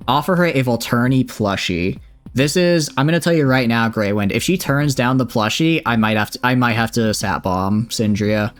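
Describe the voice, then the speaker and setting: A man with a Southern accent, chatting and joking while streaming a space game and reading its text aloud. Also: medium pitch. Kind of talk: livestream gameplay commentary.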